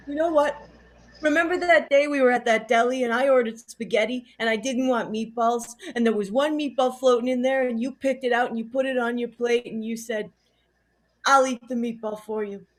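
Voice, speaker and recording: A woman's voice: on the high side, fairly even intonation, normal speed, close to an everyday voice. A woman playing a loyal, devoted friend. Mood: tender. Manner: warm, reassuring, emphatic. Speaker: improv performer. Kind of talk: improv comedy scene.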